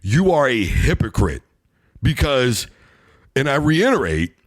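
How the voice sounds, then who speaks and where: A man's voice: mid-range voice, sing-song, a little slow. A man hosting a sports talk show, giving a heated, emphatic opinion monologue.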